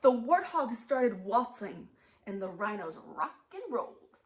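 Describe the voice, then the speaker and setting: A woman museum storyteller reading a picture book aloud to children, animated and asking them questions. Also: a little high, measured pace, rough recording.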